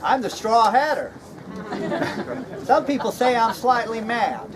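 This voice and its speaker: Actor as a chuckling folksy hatter, slightly mad, lively delivery, outdoor crowd behind. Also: male voice, very high-pitched, unhurried, full character voice. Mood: jokey. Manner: folksy, chuckles at his own jokes. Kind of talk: outdoor live stage comedy skit. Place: outdoor reenactment event.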